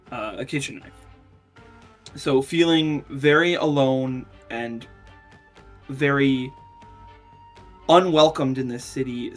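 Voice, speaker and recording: A man playing a tabletop game, telling his character's backstory in a loose, filler-laden way. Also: mid-range voice. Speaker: player.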